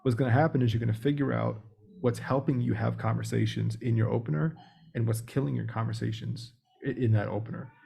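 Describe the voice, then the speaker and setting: Guy on a podcast giving sales tips, gravelly and mellow, laid-back practical way of talking. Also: mid-range voice, fairly quick. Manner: relaxed, practical coaching tone. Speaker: podcast guest, sales leader. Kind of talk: casual explanatory interview talk.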